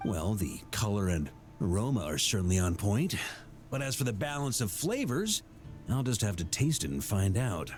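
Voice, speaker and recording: Game voice: a hearty veteran knight, lively pitch, measured formal delivery, faint music behind. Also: male voice. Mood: genial. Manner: warm, relaxed storytelling, measured and formal. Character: hearty veteran knight grandmaster, middle-aged man. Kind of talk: game voice acting.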